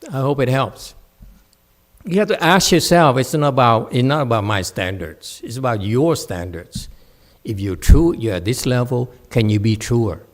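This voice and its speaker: An expressive mid-range male voice at normal speed hosts a casual question-and-answer session on meditation in a temple hall. He keeps things light and playful, laughing a lot and performing quoted voices.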